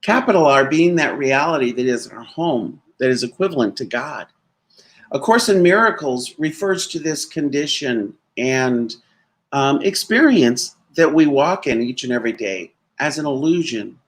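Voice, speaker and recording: A man's voice: medium pitch, expressive, moderate pace. A man giving a sermon as a minister, telling a story conversationally and laughing now and then.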